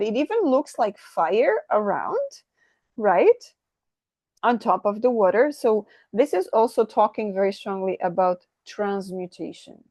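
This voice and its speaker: Effusive, excitable woman tarot reader. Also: on the high side, no echo, highs cut off. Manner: effusive, keeps asking "right?"; excitable, trips over words. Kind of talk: channeled tarot reading.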